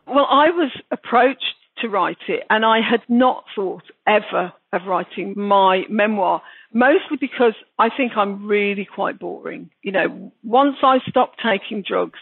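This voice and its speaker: Woman in her 60s, Brummie accent, frank emphatic storyteller, husky voice, dry phone-like sound. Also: medium pitch, unhurried, dry recording. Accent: Birmingham. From Birmingham, England. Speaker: guest author. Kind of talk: reflective interview talk. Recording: dry, tinny phone-like line.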